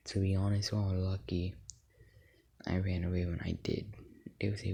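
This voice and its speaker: A man casually telling an improvised fan story, rambling and halting, often slipping into a whisper, with a husky voice. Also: deep voice, level tone, warm tone.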